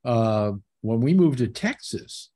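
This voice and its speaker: A man hosting a casual group chat, teasing his guests and telling stories with lively energy. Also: mid-range voice, takes it slowly. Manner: teasing, animated storyteller. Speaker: host.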